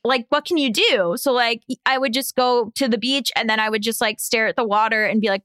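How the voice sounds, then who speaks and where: Chatty female podcast co-host, high and bright, dry close sound. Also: fairly quick, hardly any pauses, clean tone, no room sound. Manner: chatty storyteller, laughs often. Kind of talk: casual chat.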